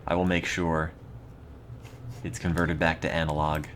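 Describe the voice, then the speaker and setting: A man's voice: a bass voice, flat delivery, unhurried, background noise. A young American man with an East Coast accent, rambling in a dry, mock-serious way while streaming a game. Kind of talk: casual gaming stream chat.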